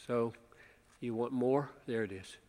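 A man preaching an expository sermon, emphatic, with rhetorical questions, often dropping to a hush. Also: mid-range voice, a little slow. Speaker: pastor. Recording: long reverb of a large hall.

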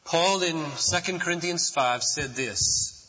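A man preaching a sermon as a pastor, building from quiet passages to loud, impassioned outbursts. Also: mid-range voice, animated, slow pace, pauses often, breathy edge, in a large hall, highs cut off.

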